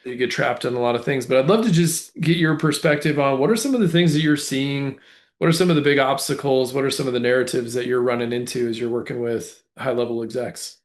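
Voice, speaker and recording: Male podcast host, middle pitch, friendly and easygoing, long run-on sentences. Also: fast. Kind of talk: casual podcast interview.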